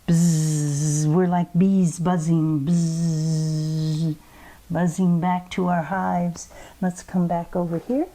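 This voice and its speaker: Gentle, mellow-voiced woman leading kids' yoga. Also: fairly low pitch, flat delivery, unhurried, low-quality recording. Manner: gentle, coaxing, playful instructions to children. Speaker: kids yoga teacher. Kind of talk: guided children's yoga story time.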